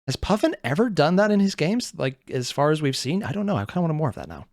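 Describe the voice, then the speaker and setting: A reaction video host giving casual commentary, animated, thinking aloud and swearing often. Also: mid-range voice, fast talker, no room sound, clean studio sound.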